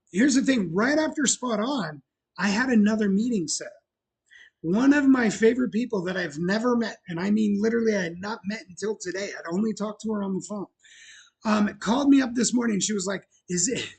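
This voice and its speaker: A bar owner hosts a casual chat show about opening his bar, speaking in a high, husky voice. He is chatty and self-mocking and laughs often.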